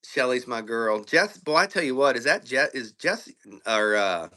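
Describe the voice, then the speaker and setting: Bright-voiced Southern man chatting loosely. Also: mid-range voice, very animated, normal speed. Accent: Southern American. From American South. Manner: storytelling, profane, with quoted impressions of his partner. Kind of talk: casual livestream chat.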